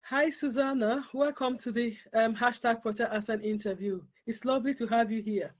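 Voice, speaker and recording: Interview host, formal and measured, steady delivery. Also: male voice, very high voice. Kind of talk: scripted interview introduction.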